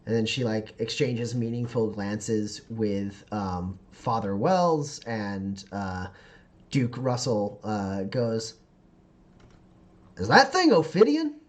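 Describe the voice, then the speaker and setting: A man's voice: fairly low pitch, darkish tone. Chatty man running a tabletop game. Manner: halting, lots of fillers and laughs. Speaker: game master.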